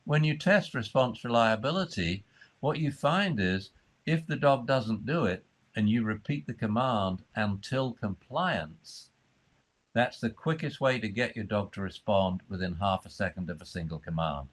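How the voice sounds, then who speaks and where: A man explaining dog training in a conversation, acting out the voices he uses with dogs. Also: unhurried. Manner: acts out high fussy voices and low calm commands.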